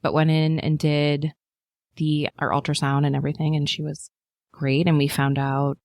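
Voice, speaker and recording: A woman in her thirties tells her story in a casual chat, her voice sitting low and the sound close and dry. She talks in a loose, animated way, full of fillers. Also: normal speed, no room sound. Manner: animated storyteller, acts out quotes in a high voice, many fillers. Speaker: podcast guest.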